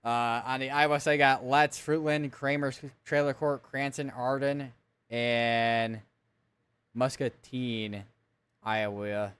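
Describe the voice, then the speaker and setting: A man's voice: medium pitch, steady tone, takes it slowly, a bit bright, clean tone. A man giving live severe weather coverage, reading out storm reports and town lists and correcting himself as he goes. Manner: thinks aloud, reads town lists, corrects himself often.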